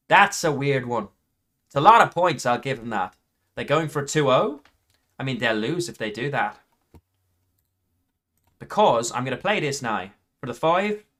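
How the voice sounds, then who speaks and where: A gaming YouTuber narrates his own card game while playing, half to himself, thinking aloud as he works out moves and counts points under his breath. His voice is bright and forceful at a middle pitch.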